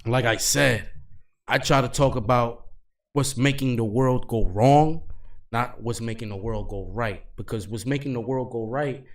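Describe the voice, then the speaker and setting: A man hosting a podcast, talking loudly and animatedly in casual, profane chat. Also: mid-range voice, measured pace. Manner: loud, animated, profane storytelling. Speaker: podcast host.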